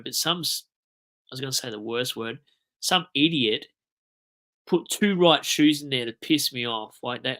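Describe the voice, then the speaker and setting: A young Australian man with a blocked nose, chatting casually and rambling on a livestream, swearing and breaking into animated outbursts. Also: mid-range voice. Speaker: livestream host.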